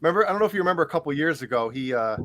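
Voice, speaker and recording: A man's voice: a little high, animated, rapid-fire, a bit bright. A man telling a story among friends, starting with some hesitation and then acting out his own quoted lines with energy.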